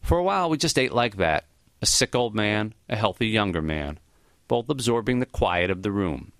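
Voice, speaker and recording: Man, audiobook narrator, reflective, low voice, expressive pitch, dry close mic. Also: gravelly, clear, resonant tone, no echo. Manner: reflective, measured storytelling. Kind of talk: first-person memoir narration.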